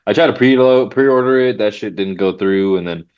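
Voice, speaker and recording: A man with a very low voice co-hosts a podcast, mostly dropping in short, agreeing remarks. His track sounds dull and lo-fi next to the others. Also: moderate pace, smooth. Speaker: podcast co-host. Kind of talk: casual banter.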